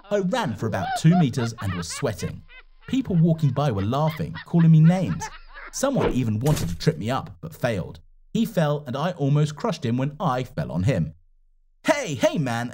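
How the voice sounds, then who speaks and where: A man telling a first-person animated story in an expressive, dramatic scripted narration. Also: mid-range voice.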